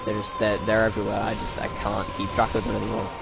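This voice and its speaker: Loud music sits behind this streamer's fairly low, creaky, monotone voice as he talks quickly through a casual gaming live stream. He jokes about himself and chats with viewers by name.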